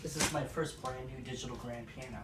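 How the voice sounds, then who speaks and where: A man vlogging a delivery at home, excited and emotional, speaking haltingly with many fillers. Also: mid-range voice. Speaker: vlogger unboxing a piano. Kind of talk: casual home video vlog. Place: at home by the front door. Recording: echoey, distant, noisy with passing traffic.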